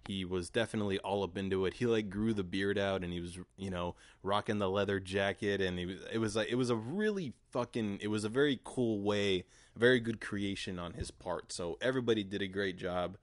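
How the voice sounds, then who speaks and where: A man with a lowish voice talks loosely through a solo podcast, rambling and swearing as he jokes along. The recording is dry and close, with no room sound around him. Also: fairly quick, hardly any pauses, no room sound. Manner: rambling, profane, joking. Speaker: podcast host. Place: home garage.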